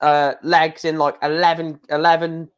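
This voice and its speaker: A man hosting a casual live stream and reacting to darts as it happens. He is chatty, talks straight to his viewers, and gets excited. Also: a little high, moderate pace, clean tone. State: hiccuping.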